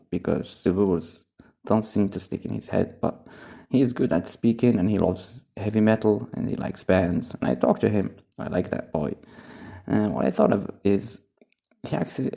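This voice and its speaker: A man speaks English as an after Arabic, wandering through a relaxed solo recording while high on cannabis. His voice sits low and dark, with a gravelly fry running through it. He drifts from thought to thought and chuckles along the way. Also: moderate pace. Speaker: English teacher. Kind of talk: casual recorded monologue.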